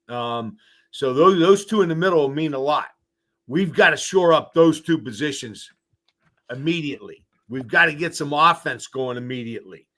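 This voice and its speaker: A man's voice: fairly high pitch, bright, forceful tone. A man, a former player appearing as a guest, giving direct, emphatic opinions in casual sports talk.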